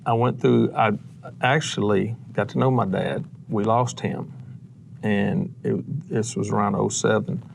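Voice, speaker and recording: A man in his fifties, a songwriter, telling his story on a TV talk show in a halting, reflective way. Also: fairly low pitch, steady tone, vocal fry, slight background noise. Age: 50s. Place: TV studio.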